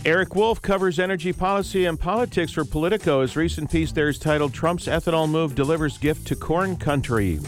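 A man hosting a public radio morning talk show, measured and friendly, asking questions with small fillers. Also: a little high, faint music behind.

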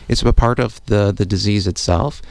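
Expert guest, male, very low smooth voice, calm and measured, dry studio. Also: no room sound. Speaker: physician and professor, guest expert. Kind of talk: radio interview answers. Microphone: studio microphone.

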